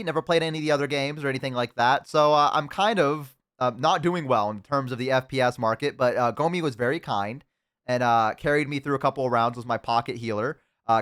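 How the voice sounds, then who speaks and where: Mid-range, slightly bright, and clear with a resonant tone, this man's voice carries a relaxed stream where he eats and talks with his viewers. He rambles and pokes fun at himself, full of fillers and false starts.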